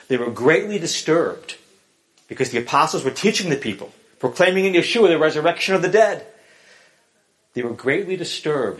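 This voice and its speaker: A man preaching a sermon to a congregation, with frequent "uh" fillers between points. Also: a little high. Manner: animated preaching with many "uh" fillers, acts out quoted voices. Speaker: pastor.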